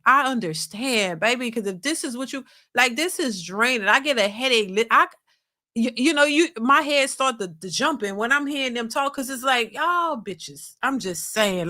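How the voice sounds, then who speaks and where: A woman reacts to a clip in blunt, exasperated casual commentary. Her voice is a bit high and very bright, and she lectures her viewers as she goes. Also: expressive, normal speed. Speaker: reaction channel host.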